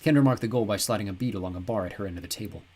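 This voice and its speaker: A male audiobook narrator reads the story in an even, descriptive way. His voice sits low and has a husky edge. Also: very fast. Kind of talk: scripted narration.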